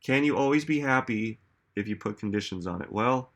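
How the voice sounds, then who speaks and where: A self-help speaker gives a reflective motivational talk in a mid-range voice at a fairly quick pace. He muses aloud and poses many rhetorical questions to his listeners.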